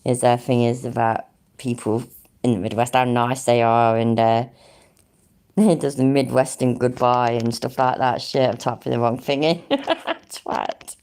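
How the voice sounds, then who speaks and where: A woman's voice: very deep voice, flat delivery, normal speed, a little mellow, clear, resonant tone. An English woman rambling casually on a live stream, thinking aloud, humming to herself and swearing freely. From England.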